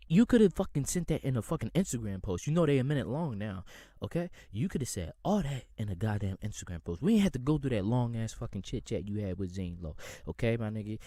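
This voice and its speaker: Young guy ranting on a podcast, swears a lot, mellow dark voice, dry close sound. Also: medium pitch, quick pace, no echo. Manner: animated, profane, exasperated ranting. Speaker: podcast host. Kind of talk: heated music rant.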